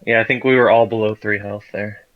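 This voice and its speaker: A man playing in a casual tabletop game, relaxed and joking around. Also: on the low side, brisk. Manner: relaxed, chuckling, loose joking. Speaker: player. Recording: dull lo-fi mic.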